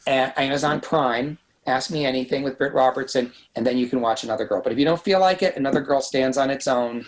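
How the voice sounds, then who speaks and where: A man talking as a guest in a casual podcast interview, telling quick, lively anecdotes about making films. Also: medium pitch, rough recording. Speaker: guest screenwriter and director. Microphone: podcast microphone.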